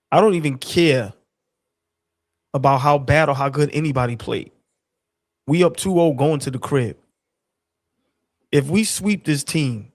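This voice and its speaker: A fairly high-voiced man pours out raw excitement as he hosts a fan sports stream. His talk is loose and slangy, full of emotion he says he cannot hold in. The sound is dry and close, with no room around it. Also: no room sound. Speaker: sports show host. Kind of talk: excited post-game fan reaction.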